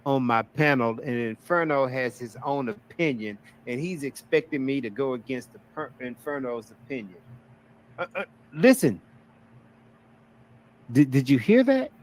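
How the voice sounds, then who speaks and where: A man of middle pitch talks casually on a stream. He explains his side in a defensive way. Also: animated, measured pace, slight background noise.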